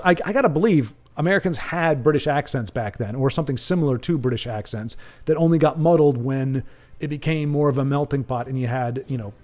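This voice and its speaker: A man's voice: medium pitch, darkish tone. Rambling, joking male stream host. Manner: rambling, joking, self-correcting. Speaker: livestream host. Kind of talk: casual chat with viewers.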